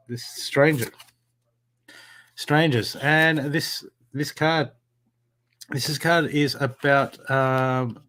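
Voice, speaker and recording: A middle-aged Australian man giving a live-stream tarot group reading, talking in an earnest coaching tone full of "okay"s. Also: mid-range voice. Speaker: tarot reader.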